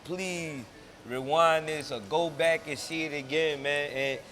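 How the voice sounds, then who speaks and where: Male host, bright and somewhat high voice, laid-back, affirming, slangy. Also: fairly even intonation, unhurried, a little hiss or hum. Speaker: interview host. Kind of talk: casual interview talk.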